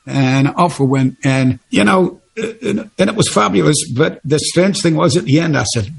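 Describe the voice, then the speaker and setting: Older Geordie man, very gravelly, raspy, rambling anecdotes, laughs a lot. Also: on the high side, animated, moderate pace, few pauses. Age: 70s. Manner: chatty, rambling, laughs often. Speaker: interview guest, singer. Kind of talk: casual interview storytelling.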